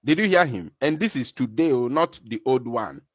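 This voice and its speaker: Emphatic Nigerian man, animated delivery. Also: mid-range voice, moderate pace, no room sound, studio quality. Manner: emphatic, repetitive, rhetorical questions. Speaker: live-stream commentator. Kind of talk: impassioned live commentary.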